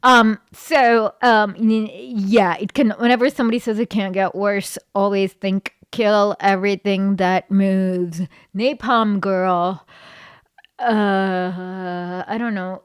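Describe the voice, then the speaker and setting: A woman's voice: mid-range voice, smooth, dry recording, clean studio sound. A woman host giving blunt, sarcastic reaction commentary with many fillers.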